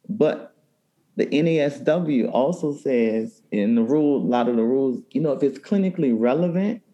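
A man who works as a therapist, from New Orleans, talking in an interview in an animated way with many restarts. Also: mid-range voice, rough recording. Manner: warm, animated storytelling with frequent restarts. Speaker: therapist and cookbook author. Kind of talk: interview conversation.

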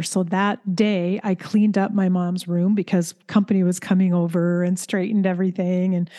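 A woman's voice: mid-range voice, dark tone. A woman in healthcare who was once a caregiver, talking in an earnest, chatty way as she shares stories. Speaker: healthcare professional and former caregiver. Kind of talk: conversational storytelling.

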